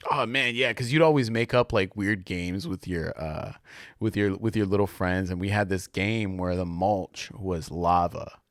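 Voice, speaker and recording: A young man talks on his own in a loose, rambling way. He packs in slang and filler words, and his voice sits fairly low. The sound is dry and close, with no room echo at all. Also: gravelly. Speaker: podcast host. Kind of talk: casual solo monologue.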